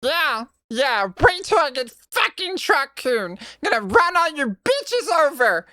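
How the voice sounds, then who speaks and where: A woman voicing a brash, foul-mouthed raccoon villain with a scratchy, strained voice, taunting and loud. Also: sits high, very animated, unhurried, no room sound, clean studio sound, voice pushed up, heavily acted. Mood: gloating. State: strained throat.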